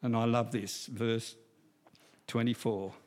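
A man's voice: medium pitch, flat delivery, takes it slowly, darkish tone. A man, preaching a sermon as a pastor and telling stories with humor while repeating key phrases.

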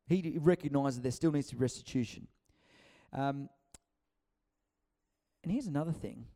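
A man's voice: mid-range voice, moderate pace, dark tone. A man preaching a conversational sermon, acting out quotes and often restarting his sentences. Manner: chatty, acts out quotes, many restarts.

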